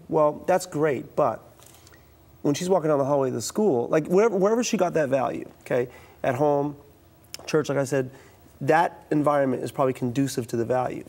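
A man's voice: mid-range voice, creaky. A middle-aged man from the US East Coast, telling stories in a talk-show interview and acting out the dialogue. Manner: animated, acts out quoted dialogue, frequent restarts. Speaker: youth speaker.

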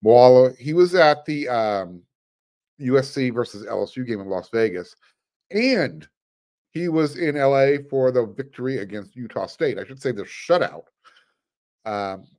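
Speaking in a mid-range, darkish-toned voice, a male sports podcast host offers casual commentary. He's chatty, using fillers, restarting often, and dropping dry sarcastic remarks.

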